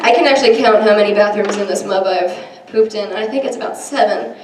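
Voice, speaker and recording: A young woman does a self-deprecating stand-up set in a large hall, her medium-pitched voice moving at a quick pace over a noisy crowd. She's chatty and full of ums. Heard from far off in the echoey hall, the recording carries audience laughter and room noise.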